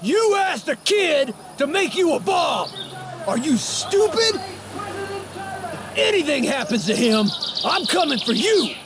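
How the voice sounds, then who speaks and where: A man's voice: very high voice, very animated, takes it slowly, noisy background, exaggerated voice. A fatherly trucker. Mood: angry warning. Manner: fatherly, calls the player young blood. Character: gruff protective male trucker, hot-tempered. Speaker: game character. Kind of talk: video game voice acting. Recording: game audio with music behind.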